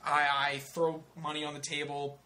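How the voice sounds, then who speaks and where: A young man telling a story on a comedy talk show in a casual, animated, profane way. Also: a little high, moderate pace, a little hiss or hum. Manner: animated, profane, acts out other people's voices.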